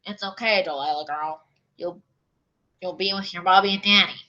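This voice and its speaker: A woman puts on a folksy older male lawyer with a pinched, nasal voice. He is smug and a little lower and brighter than an everyday voice. The recording is dull and lo-fi. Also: normal speed. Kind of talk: comedic fanfiction reading.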